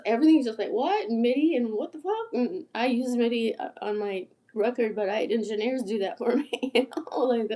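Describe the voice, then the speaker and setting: A woman in her sixties rambling casually on a late-night livestream, her voice hoarse and tired, often sinking to a whisper, swearing freely and laughing between phrases, picked up by an iPad. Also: a little high, mellow. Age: 60s. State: hoarse after illness. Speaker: musician livestreaming.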